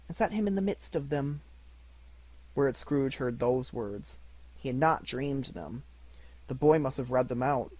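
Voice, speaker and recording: A man narrating an audiobook in a measured, deliberate way. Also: mid-range voice, darkish tone, slightly rough, dry recording. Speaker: audiobook reader. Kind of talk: scripted narration.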